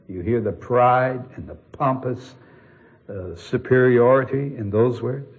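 A pastor delivers a sermon in an earnest, expressive voice, pressing his congregation with direct questions. His voice sits at an ordinary middle pitch for a man. The recording is dull and lo-fi. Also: measured pace.

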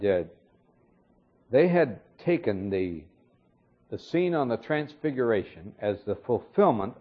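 A man preaching an expository sermon, explaining a Bible passage verse by verse in a measured way. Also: medium pitch, breathy edge. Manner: measured, explanatory, with occasional fillers. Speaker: Bible teacher. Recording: dull lo-fi recording.

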